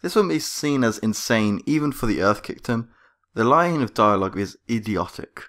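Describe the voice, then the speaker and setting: A man's voice: fairly low pitch, animated, moderate pace, a bit bright. Sarcastic man reviewing a cartoon. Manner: sarcastic, exasperated. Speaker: video reviewer. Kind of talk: scripted critique commentary.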